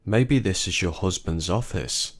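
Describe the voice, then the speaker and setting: A man's voice: low-pitched, measured pace. A man voicing an alarmed woman friend. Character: startled adult woman, friend of the wife.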